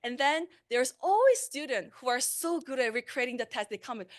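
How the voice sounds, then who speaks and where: A woman's voice: high voice, lively intonation, a little fast. A woman, a language instructor giving a conversational conference talk on teaching translation, with fillers and self-corrections. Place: conference room.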